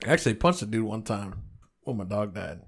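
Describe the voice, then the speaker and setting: A man's voice: lowish voice, animated, brisk, gravelly, slightly rough. Profane storytelling man, casual podcast. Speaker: podcast co-host. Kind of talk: casual chat.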